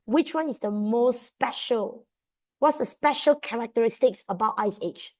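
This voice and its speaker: A young woman with a Malaysian accent runs an online exam revision class, coaxing students through their answers while mixing English with Malay terms. Her voice is a little high and a little mellow, at a normal speed.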